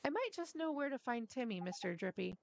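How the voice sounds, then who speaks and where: A woman voicing a small, gentle ghost girl in a soft, lilting, high voice. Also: very animated, a little fast, gravelly.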